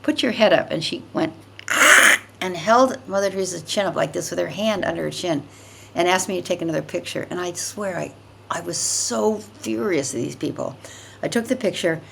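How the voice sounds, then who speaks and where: A woman's voice: on the low side, fairly quick, vocal fry, a little hiss or hum. An older woman, a podcast guest, telling a personal story in a vivid, emphatic way, often repeating words for effect.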